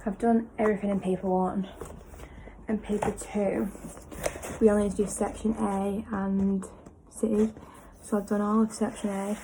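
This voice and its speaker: A teenage girl chatting casually in a study-with-me vlog from her bedroom, rambling with lots of fillers. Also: medium pitch. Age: teens. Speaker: vlogger. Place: bedroom at home. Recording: noisy home video recording.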